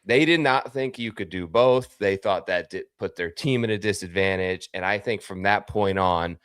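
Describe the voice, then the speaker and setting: A man's voice: sits low, normal speed, fairly bright tone, clean tone, no room sound, clean studio sound. A man co-hosting a casual golf betting podcast, explaining his views with confident, opinionated certainty. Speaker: podcast co-host. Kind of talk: casual sports betting chat.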